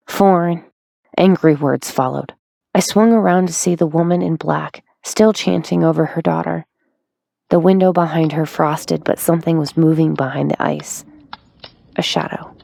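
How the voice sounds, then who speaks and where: A woman narrating a horror story in a hushed, drawn-out way, sometimes dropping to a whisper. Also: low-pitched, vocal fry, no echo. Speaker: audiobook narrator.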